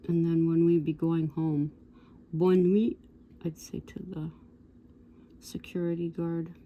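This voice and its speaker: Slow, low-voiced woman in her 60s. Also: monotone, phone-quality sound. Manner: rambling, digressive, with asides to viewers. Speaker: vlogger. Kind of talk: casual storytelling.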